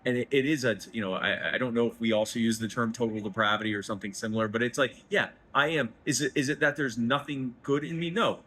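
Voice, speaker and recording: A man talking emotionally about his faith in a festival interview, rambling and self-deprecating, his voice leaping higher when he gets excited. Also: quick pace, hardly any pauses, breathy edge, rough recording. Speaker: guest, head of a liberty organization. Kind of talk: emotional faith-filled conversation. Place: festival booth, indoors.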